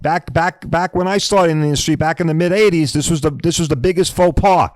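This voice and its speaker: A man's voice: fairly high pitch, brisk, no room sound, poor audio. A middle-aged man hosting a podcast, ranting bluntly and profanely and hammering his points home with repeated "all right?"s. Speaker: podcast host.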